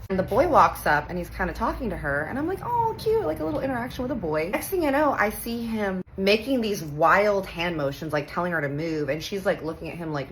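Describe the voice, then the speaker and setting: A woman in her thirties from Texas, telling a funny personal story in a casual, animated way, acting out the voices and swearing playfully. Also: medium pitch, a little hiss or hum, low-quality recording. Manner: animated, acts out quoted voices, playful cursing.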